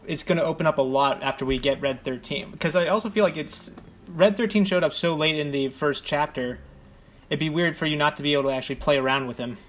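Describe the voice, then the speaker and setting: A man's voice: a little high, fast, slight background noise. A man co-hosting a gameplay video, chatting casually and asking curious questions about the game. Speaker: let's play co-host.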